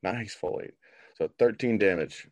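A man's voice: fairly low pitch, a little slow, dry recording. A man playing a tabletop role-playing game, casually declaring his character's actions. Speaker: player.

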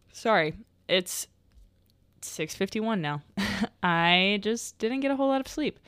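A young woman hosting a podcast by herself rambles through stories in an animated but slow way, laughing often and using plenty of fillers. Her medium-pitched voice is fairly bright, clear, and resonant, with no room sound.

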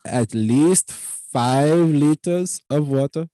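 A man voicing an earnest male coffee shop clerk who lectures a customer with slow, caring warnings. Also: sits high, big pitch swings, mellow, no room sound, exaggerated voice.

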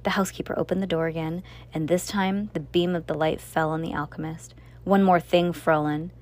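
Woman storyteller, lower voice, dramatic reading with small slips. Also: fairly even intonation, fairly quick. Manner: dramatic, with slips and self-corrections.

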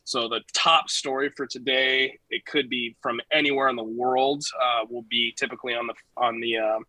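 A man's voice: mid-range voice, little pitch movement, normal speed, bright, forceful tone, dry recording, low-quality recording. A man co-hosting a casual podcast in an easygoing way, chuckling and explaining things plainly. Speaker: podcast co-host. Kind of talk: casual chat.

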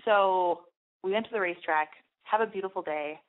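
A woman's voice: medium pitch, normal speed. A young woman hosting a podcast, rambling through a candid personal story with lots of "like" and fillers. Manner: rambling, confessional, heavy use of "like". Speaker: podcast host. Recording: phone-like narrow band.

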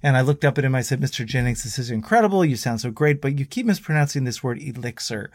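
A man guesting on a podcast, telling road stories in a casual, animated way and acting out the voices of people he quotes. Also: mid-range voice, fast talker, no room sound, studio quality. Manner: animated storyteller who acts out quoted voices.

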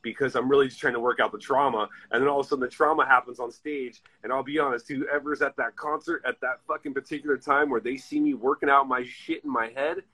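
Husky, bright-voiced swearing host. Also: male voice, mid-range voice, fairly even intonation, quick pace, few pauses, poor audio. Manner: blunt and swearing freely. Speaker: host of a live stream. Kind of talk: casual live-stream chat.

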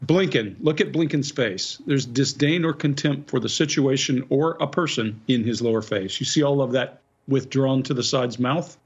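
A man, a body language expert, briskly explaining facial expressions on a news segment. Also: mid-range voice, breathy edge. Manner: explains briskly, points out details. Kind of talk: analytical commentary on video. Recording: dull lo-fi remote audio.

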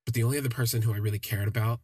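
A young man telling a personal story on a podcast, reflective and halting with frequent restarts. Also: mid-range voice, steady tone, a little mellow, breathy edge, no room sound.

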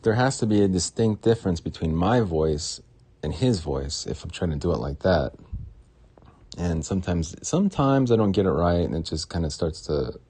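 A man's voice: low voice, big pitch swings, moderate pace, warm tone, poor audio. A young man hosting a solo podcast, rambling in a jokey, self-deprecating way. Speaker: podcast host.

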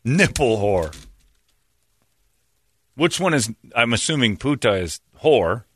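A man's voice: mid-range voice, big pitch swings, slow, fairly bright tone, husky, no echo, clean studio sound. A man hosting a talk show, joking around and laughing as he butchers mock Spanish phrases. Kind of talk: casual comedic banter.

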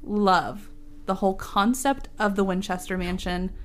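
A woman's voice: mid-range voice, a little slow. A woman hosting a casual chat, telling stories animatedly with lots of fillers. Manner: animated storyteller, many fillers.

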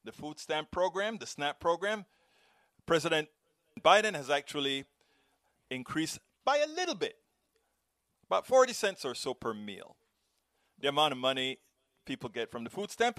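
A middle-aged man from Panama with a Panamanian Spanish accent, hosting a live stream and reading viewer comments, rolling his R's in a lively, expressive way. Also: on the high side, a little slow, no echo, studio quality.

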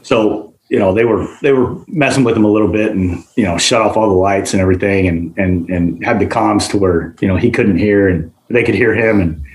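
A man, a guest, telling work stories in a casual, animated way, acting out the voices of the people in them. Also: fairly low pitch, fairly quick, hardly any pauses, roomy sound, poor audio. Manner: animated, acts out quoted voices. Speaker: guest, general manager. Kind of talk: casual storytelling.

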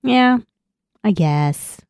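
A woman's voice: mid-range voice, animated, extremely slow, creaky, a little mellow, clean tone, no echo, dull audio. A woman co-hosting a podcast in casual chat, playful and laughing often, reading out listener emails. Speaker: podcast co-host.

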